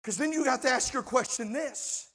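A man preaching a sermon as pastor, impassioned, moving between shouted lines and hushed, quiet passages. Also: very high voice, normal speed.

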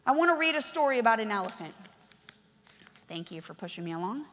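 A woman's voice: on the high side, sing-song, quick pace, pauses often. Impassioned woman preaching in a hall. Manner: impassioned, swinging from hushed to shouted, acting out quoted voices. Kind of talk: sermon. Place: church.

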